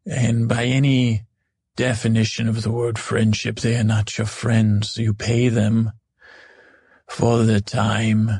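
A man's voice: lowish voice, level tone, slow pace, vocal fry, a little mellow, breathy edge, dry recording, full character voice. A man voicing a proud, hot-tempered woman who is a queen, speaking in commanding, regal declarations in a tabletop game. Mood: stern.

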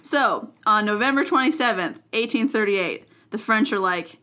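A woman's voice: mid-range voice, expressive, normal speed, pushed and bright. A woman host recounting a history story in casual chat, joking and laughing often, with plenty of fillers. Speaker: podcast host telling history.

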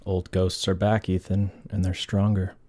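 A man's voice: low voice, completely flat delivery, moderate pace, a little mellow, no echo, studio quality. A man voicing a grave male spy teammate, giving solemn warnings in a dramatic read. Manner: solemn, dramatic line reading.

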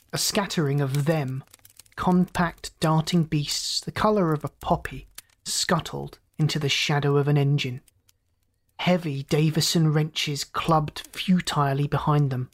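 Calm, inviting storyteller narration. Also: medium pitch, measured pace. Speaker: host and narrator. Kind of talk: scripted audiobook narration.

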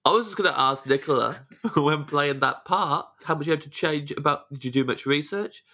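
A man's voice: fairly high pitch, normal speed, sharp tone. A man co-hosting a podcast, asking playful questions in casual chat. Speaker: podcast co-host.

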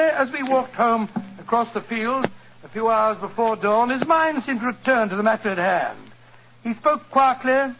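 A high, flustered old doctor. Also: male voice. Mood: narrating. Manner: flustered, exasperated, stammering. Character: blustering, loyal Victorian male doctor companion. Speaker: doctor and narrator. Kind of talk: 1940s radio acting. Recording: dull, faintly hissy 1940s radio broadcast.

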